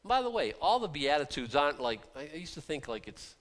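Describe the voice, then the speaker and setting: A middle-aged man preaching a casual sermon to a small group, folksy and conversational, dropping to quiet asides and then rising to loud emphatic bursts, often repeating words as he restarts. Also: fairly high pitch, big pitch swings, fast.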